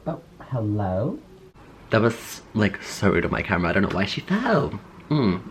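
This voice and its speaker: A man's voice: on the low side, moderate pace, background noise. Young male vlogger, chatty and exclamatory, swooping intonation. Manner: animated, exclamatory, laughs often. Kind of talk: casual chat. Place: bedroom at home.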